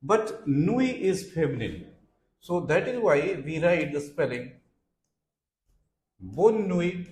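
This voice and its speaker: A male teacher gives a beginner French lesson at a very unhurried pace, explaining each word carefully and spelling some out letter by letter. His voice sits a little high for a man. The room is echoey around him. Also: sing-song, darkish tone, slight background noise. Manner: slow, deliberate explaining, spelling words letter by letter. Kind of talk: classroom lecture.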